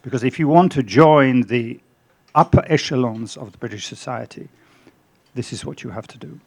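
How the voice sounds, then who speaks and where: An older man giving a lunchtime book talk at a club, telling family anecdotes in an unhurried way with frequent ums and pauses. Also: medium pitch, vocal fry, a little mellow, slightly rough. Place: club dining room.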